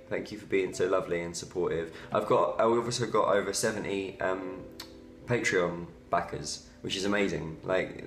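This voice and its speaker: A young man with a low, deep voice chats to his viewers in a relaxed, rambling way, full of "um"s and little laughs. He is recorded in a noticeably echoey room. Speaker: video blogger. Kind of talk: casual talk to camera.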